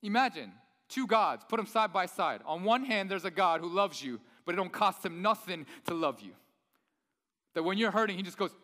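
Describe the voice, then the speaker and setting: A man's voice: sits high, expressive, normal speed, bright, forceful tone, in a large hall. A man preaching a sermon in a conversational way, often putting rhetorical questions to the audience. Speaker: pastor.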